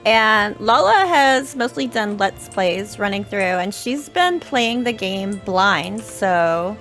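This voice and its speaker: A woman's voice: mid-range voice, expressive, takes it slowly, fairly bright tone, soft background music. A woman from Texas hosting a casual gaming session, introducing guests and keeping the chat moving. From Texas, USA. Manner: friendly, leads the talk, uses fillers like "like". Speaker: host.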